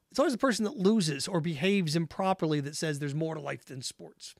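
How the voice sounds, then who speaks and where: A man with a high, bright voice hosts a solo sports talk show. He argues his opinions emphatically and repeats key points to drive them home. The recording is dry and close, with no room sound. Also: lively intonation, quick pace, vocal fry, few pauses, no echo.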